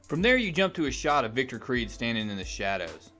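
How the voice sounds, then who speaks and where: A man's voice: medium pitch, sing-song, fairly quick, a bit bright, faint music behind. A man casually reviewing a comic preview in a chatty, self-deprecating way.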